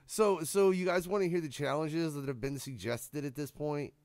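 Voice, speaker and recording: A man hosting a radio show, joking loudly and swearing constantly in casual chat. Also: a little high, normal speed, no room sound. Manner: loud, joking, swears a lot.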